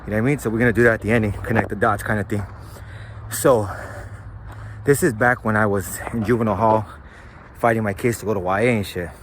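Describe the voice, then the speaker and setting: A man from with a relaxed, low-pitched voice tells his own story in a casual vlog. His delivery is loose and rambling, full of street slang and profanity. A faint background noise sits under the recording. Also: fast, long pauses. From San Gabriel Valley, California.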